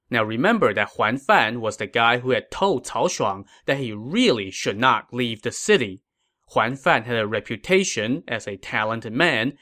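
A man's voice: medium pitch, a bit bright. A man hosting a history podcast, narrating from a script in a storytelling way with casual asides.

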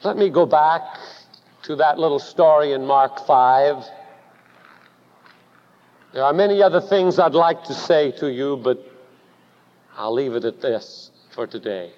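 A man preaching a sermon, telling a story dramatically and building to loud emphatic peaks. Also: on the high side, animated, a little slow, pauses often. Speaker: pastor. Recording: dull recording with long hall reverb.

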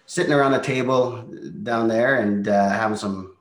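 A man's voice: medium pitch, normal speed. A man who leads a real estate team, telling his story in a candid, reflective way during a casual interview. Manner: candid, reflective, drops into quoted asides. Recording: roomy echo.

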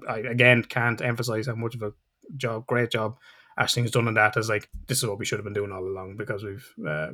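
A man hosts a casual podcast chat at a brisk clip, cursing easily as he wraps up the episode. His pitch sits mid-range for a man, and his delivery is relaxed and conversational. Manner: chatty, swears freely, fast outro plugs. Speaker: podcast host.

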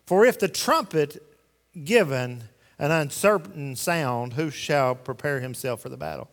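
A man delivers a folksy, emphatic sermon in a fairly high voice. His words ring out with a long reverb through the church sanctuary. He keeps pressing the congregation with rhetorical questions. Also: a little slow, creaky. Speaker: pastor.

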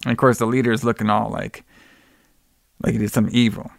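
A man's voice: on the low side, little pitch movement, fast, vocal fry, no echo, studio quality. A man co-hosting a podcast, recapping a film scene by scene and acting out the characters' lines. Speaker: podcast co-host.

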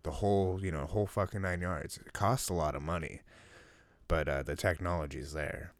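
Low voiced dude rambling on a podcast, lots of uh and you know, swears a bunch. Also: male voice, steady tone, normal speed, no echo. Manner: rambling, loose, swears freely. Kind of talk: casual chat.

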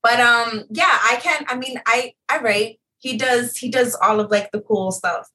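Bright-voiced woman, hesitant chat. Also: on the high side, measured pace, rough recording. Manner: hesitant, trailing off with fillers. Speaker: guest. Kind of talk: casual chat. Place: home studio booth.

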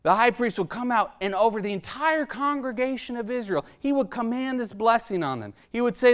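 A male preacher with a high, smooth, resonant voice. He delivers a sermon with emphasis, asks rhetorical questions and closes points with a quick "right?". He chuckles lightly between thoughts. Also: animated.

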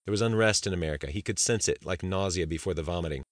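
A man narrates a suspense novel in a deep, low voice. His delivery is steady and measured. The recording is dry and close, with no room sound. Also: dry recording. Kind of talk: scripted audiobook narration.

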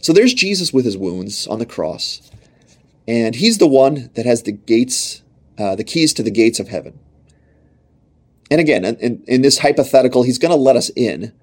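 Husky-voiced young man preaching earnestly. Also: mid-range voice, sing-song, normal speed, darkish tone. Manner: earnest and emphatic, personal storytelling. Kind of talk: sermon.

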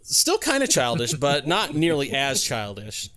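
Animated, blunt-talking male podcast host. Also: medium pitch, unhurried, a crowd in the background. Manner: blunt and profane, frequent restarts. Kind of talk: casual wrestling podcast chat.

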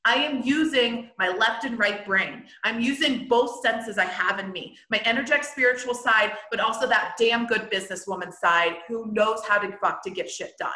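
Bright, excited woman podcast host. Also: on the high side, moderate pace, few pauses. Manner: excited, blunt, swears freely. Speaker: podcast host and healer business coach. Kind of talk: casual podcast monologue. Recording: roomy echo.

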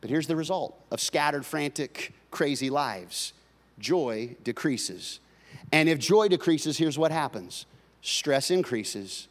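A male pastor preaching a sermon, swinging between loud, driving passages and quiet, confiding talk with his congregation. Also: fairly high pitch, animated, slow pace. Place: large church hall. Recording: long hall reverb.

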